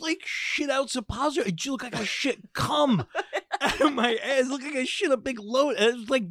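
A man's voice: very high voice, no echo, clean studio sound. A man in his forties co-hosting a podcast, telling crude stories in casual chat with lots of laughter. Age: 40s. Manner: animated, laughing storyteller, crude humor. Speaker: podcast co-host.

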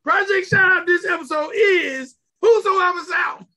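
A woman's voice: very high-pitched, unhurried, sharp tone, raised voice. A woman co-hosting a casual music review podcast, playful and teasing as she presents the pick. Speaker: podcast co-host.

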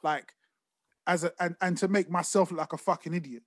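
A young man telling stories on a podcast, animated and swearing, often laughing. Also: a little high, a little fast, no echo, clean studio sound. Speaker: podcast co-host. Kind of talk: casual chat.

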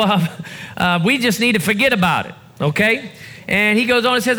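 A male pastor delivers a sermon to a church congregation, his voice sitting high and ringing bright. He preaches with building emphasis in a call-and-response style. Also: brisk. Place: church service before a congregation.

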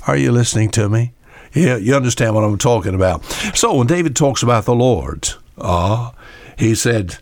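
A man's voice: medium pitch, sing-song, a little fast, dry recording, clean studio sound. Folksy older man preaching on radio. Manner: folksy, conversational, repeats key words for emphasis. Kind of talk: radio sermon.

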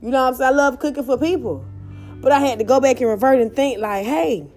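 A woman's voice: sits high, quick pace, darkish tone, soft background music. A woman podcast host giving a motivational monologue, emphatic and blunt, swearing freely and repeating her points.

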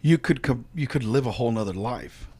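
A man's voice: medium pitch, expressive, a little fast, a loud crowd. A man co-hosting a podcast in casual chat, joking crudely and cutting in often. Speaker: podcast co-host.

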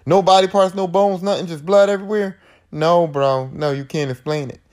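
Profane animated man recapping a movie. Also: high-pitched, moderate pace. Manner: profane, animated, acts out characters' lines. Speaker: podcast host. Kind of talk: casual movie recap monologue.

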